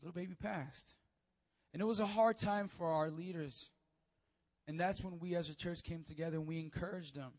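A young male preacher with a high, light voice delivers an emotional sermon. He tells stories, and his voice climbs and swells to near shouting at the peaks, then drops back to a quieter, reflective tone. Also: moderate pace.

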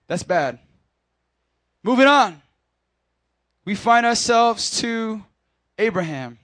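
A man's voice: high-pitched, very animated, slow pace, long pauses, a bit bright, no room sound, clean studio sound. A man preaching in a casual, conversational way, speaking directly to his congregation and acting out Bible scenes. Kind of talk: sermon.

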